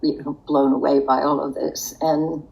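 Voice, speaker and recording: A woman's voice: low-pitched, flat delivery, moderate pace, creaky, a little mellow, lo-fi sound. An older woman telling a personal story in a podcast interview, in a reflective, wry way. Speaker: interview guest.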